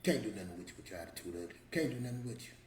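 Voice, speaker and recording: A man's voice: on the low side, lively intonation, rapid-fire, darkish tone, roomy sound, a little hiss or hum. A man giving a motivational talk to camera in a preachy, emphatic, street-casual storytelling manner. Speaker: motivational vlogger.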